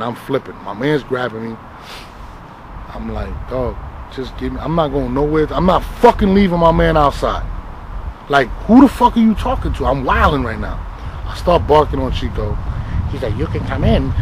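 A man's voice: medium pitch, noisy background. A man telling a heated story as an interview guest, emphatic and profane, checking in with "right?" as he goes. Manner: emphatic, profane, with repeated "right?" and "you feel me?" tags.

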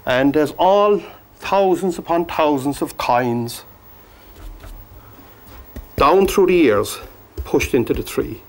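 Gentle man coaxing his paint. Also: a little high, vocal fry. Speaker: painting instructor. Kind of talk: painting demonstration.

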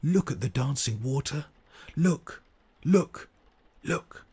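An eager little storybook cat speaks with a high, very breathy tone. The delivery is bright and childlike, made for a game's picture-book scene. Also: male voice, lively intonation, slow, heavily acted. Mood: excited.

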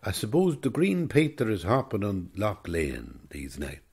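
A man's voice: on the low side, huge pitch swings, measured pace, gravelly, darkish tone, breathy edge, heavily acted. A man voicing a chatty old countryman with a Cavan accent, wistfully recalling fishing lore.

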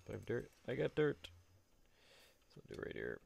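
Joking low-voiced man narrating his gameplay. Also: huge pitch swings, moderate pace, creaky, darkish tone. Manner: jokey, rambling, talks to himself while building. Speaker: Let's Play host. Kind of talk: casual gameplay commentary. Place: at home.

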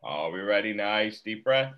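A man's voice: on the low side, animated, a little slow, muffled recording. A man coaching a live workout class over a video call, counting down sets and giving short encouraging cues. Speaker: fitness coach.

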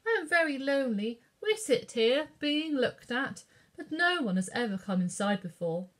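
A woman's voice: high voice, sing-song, moderate pace, fairly bright tone, voice pushed up, full character voice. A woman reading aloud, voicing a lonely, genteel lady from a painting with a put-on French accent and a grand, lilting manner. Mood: gracious.

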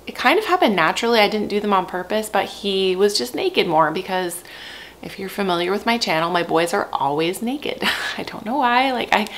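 A woman's voice: medium pitch, creaky, fairly bright tone. A young woman, a mother of three, chatting frankly to camera at home and laughing often. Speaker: parenting vlogger, mother of three. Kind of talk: casual chat to camera.

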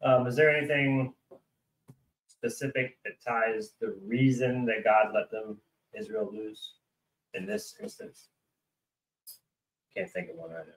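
A man's voice: mid-range voice, animated, a little slow, long pauses, recorded from a distance, rough recording. A man with a mid-range voice talks through his questions in a casual bible study. He sits a little away from the microphone. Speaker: study group member. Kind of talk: casual group bible discussion.

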